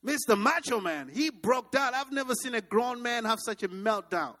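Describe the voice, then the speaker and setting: A man preaching a sermon, telling stories with lively energy and leading the congregation in repeating phrases. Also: very high voice, moderate pace. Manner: animated storytelling, leads the congregation in repeating phrases. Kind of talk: sermon with storytelling.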